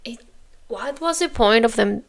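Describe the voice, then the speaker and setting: A woman's voice: mid-range voice, measured pace, gravelly. A woman hosting a reaction video, talking back at the screen in exasperated, casual commentary and sometimes dropping to a whisper.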